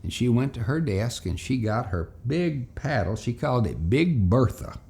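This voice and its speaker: A man telling a folksy childhood story as a lesson for children and parents. His voice swings widely in pitch with lively expression, carrying a gravelly rasp through it. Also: normal speed.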